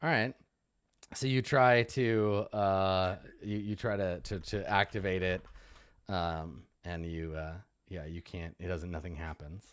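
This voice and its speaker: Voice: low voice, steady tone, a little slow, smooth, no echo, clean studio sound. A person narrating as game master of a tabletop game, loose and chatty, laughing often.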